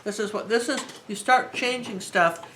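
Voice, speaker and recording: Speaking a little high at a moderate pace, a woman teaches painting live, chatting and rambling with warm enthusiasm as she works. There's slight background noise, and the recording is low quality.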